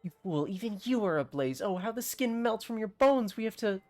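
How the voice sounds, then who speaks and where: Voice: medium pitch, expressive, fairly quick, darkish tone, pitched above the performer's own voice, natural voice. Olwen, a flustered village mayor, read aloud by a streamer. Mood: panicked. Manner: frantic, then falsely composed and over-polite. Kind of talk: reading game dialogue aloud.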